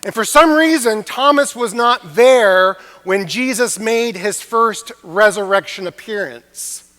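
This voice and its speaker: High-voiced man preaching in a reverberant chapel. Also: pushed and bright. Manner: earnest storytelling with emphatic pauses. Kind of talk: chapel sermon. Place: university chapel.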